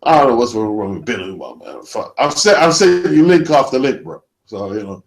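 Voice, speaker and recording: A man's voice: medium pitch, big pitch swings, a little fast, vocal fry, reverberant. A man hosting a boxing talk show, persistently cutting in to debate a caller. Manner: persistent, repeats the caller's name to cut in. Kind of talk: heated call-in debate.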